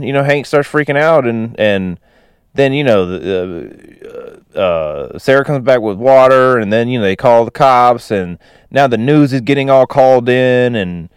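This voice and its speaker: A man's voice: medium pitch, clean tone, dry recording, clean studio sound. A man casually recapping a movie plot, rambling with lots of "you know" and "like" fillers. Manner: laughs while retelling.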